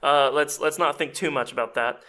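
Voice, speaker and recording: A man giving a chatty, self-deprecating audio editing tutorial, explaining step by step as he clicks through software. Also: a little high, moderate pace. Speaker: voice actor and casting director.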